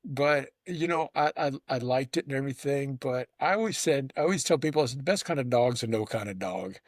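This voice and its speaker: Male host, rambling conversational storyteller, stammers and restarts, mid-pitched, dry close sound. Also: animated, fairly quick, no echo. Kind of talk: casual conversation.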